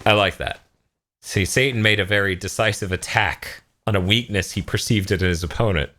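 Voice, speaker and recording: A man co-hosting a podcast, recapping an anime episode in casual chat, swearing freely and acting out the characters. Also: moderate pace. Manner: animated retelling, jumps into high squeaky voices for quoted characters, swears freely. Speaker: podcast co-host.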